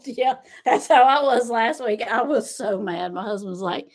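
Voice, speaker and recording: A woman's voice: on the high side, moderate pace, few pauses, husky. A middle-aged woman, chatting casually with her livestream viewers, frank and blunt, laughing often. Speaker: tarot livestream host.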